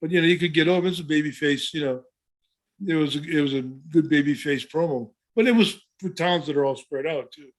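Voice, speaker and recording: A man in his seventies, once a wrestler and now co-host of a podcast, spins stories in casual chat. His voice is fairly high and fairly quick, and he rambles, keeps restarting, and says "you know" constantly.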